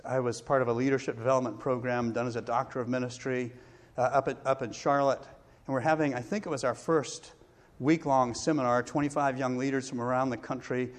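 A middle-aged male pastor preaching a sermon, telling a personal story with pauses and self-deprecating laughs. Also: medium pitch.

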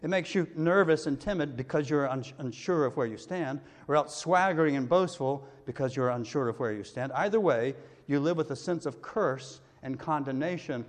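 A man's voice: a little high, moderate pace, hardly any pauses. A male pastor preaching a sermon in a conversational way, now and then acting out the people in the story. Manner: conversational preaching with acted-out quotes. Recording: long hall reverb.

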